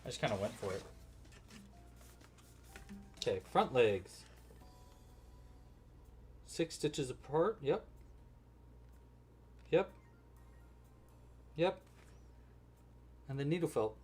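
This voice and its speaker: A man's voice: medium pitch, very animated, slow pace, pauses often, darkish tone, husky, soft background music. A man hosting a casual crochet-along livestream, chatty and thinking aloud as he works.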